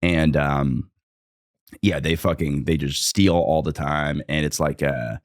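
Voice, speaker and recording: A man's voice: very deep voice, steady tone, slow pace. A young man, a guest comedian, telling a long story in casual podcast chat, loose and profane, with lots of filler words.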